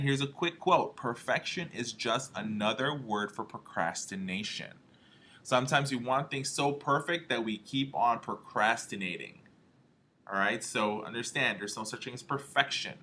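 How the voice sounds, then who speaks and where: A home health marketing trainer with a pushed, bright, mid-range voice leads an emphatic motivational training talk, frequently checking in with "all right?" and "okay?"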